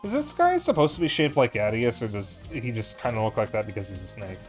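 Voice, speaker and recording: A young man talks through a game stream in a loose, candid way, swearing freely and drifting between thoughts with plenty of "uh"s. His pitch sits in an ordinary middle range. Soft music plays faintly underneath. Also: sing-song, fairly quick. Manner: candid, profane, rambling with fillers. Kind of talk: casual gameplay commentary.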